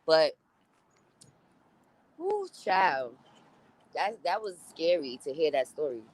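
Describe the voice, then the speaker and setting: A New York woman live-streams in a deep, dark-toned, expressive voice at a moderate pace, casually reading viewer comments. She's blunt, profane, chatty, and laughs a lot, though the recording quality is low.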